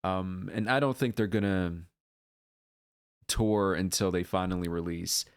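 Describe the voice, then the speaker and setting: Low, unhurried man gushing over a video. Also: clean tone, no room sound, clean studio sound. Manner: gushing, bursts into excited whoops; earnest, lots of ums and uhs. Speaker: music video reactor. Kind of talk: casual reaction vlog.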